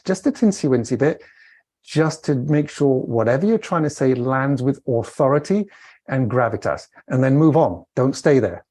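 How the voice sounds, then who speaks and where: Welsh man coaching on vocal delivery. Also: normal speed. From Wales. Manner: expressive, demonstrative, swings pitch to show inflection. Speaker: communication coach guest. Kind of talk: podcast interview.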